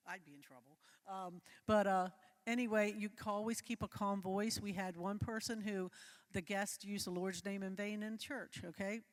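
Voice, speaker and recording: A woman with a steady, medium-pitched voice gives a live security training talk to volunteers at a moderate pace, with a big-room sound. She moves loosely through slides, often checks in with listeners, and her phrasing is full of fillers.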